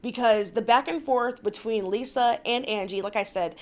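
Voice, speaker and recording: A woman's voice: fairly high pitch, moderate pace. A young woman recapping a reality show in casual, blunt commentary with exasperated asides.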